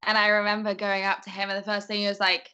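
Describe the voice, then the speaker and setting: A woman's voice: medium pitch, completely flat delivery, fast, bright, forceful tone, clean tone, highs cut off. A young woman in casual chat, self-deprecating and giggly. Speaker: actor guest.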